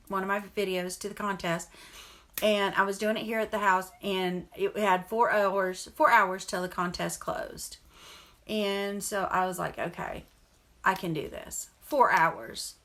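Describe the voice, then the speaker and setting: Bright-voiced chatty woman. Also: mid-range voice. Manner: chatty, rambling, earnest. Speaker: vlogger and mother. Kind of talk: casual storytelling to camera.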